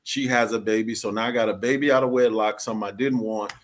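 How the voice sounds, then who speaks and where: A man's voice: on the low side, steady tone, fast. A man speaking as a guest, telling his story in an earnest, confessional way with casual slang. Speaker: podcast co-host, guest. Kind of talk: candid personal testimony.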